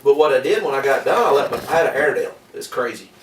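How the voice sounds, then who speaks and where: A man's voice: medium pitch, expressive, very fast. A man, spinning a folksy yarn at a party in rural slang. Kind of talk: casual storytelling at a party. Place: indoor room with a group. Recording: echoey room, distant mic, noisy.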